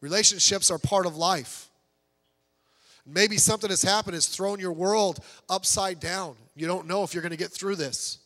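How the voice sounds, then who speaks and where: A man preaching a sermon as pastor, swinging from soft low asides to raised, pleading urgency. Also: moderate pace. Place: church sanctuary. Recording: church hall reverb.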